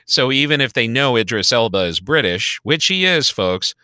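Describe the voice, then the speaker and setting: Man, podcast co-host, lively swinging pitch, bright tone, dry close sound, casual griping. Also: moderate pace, no echo. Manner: animated, swearing, sighing. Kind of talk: casual movie review chat.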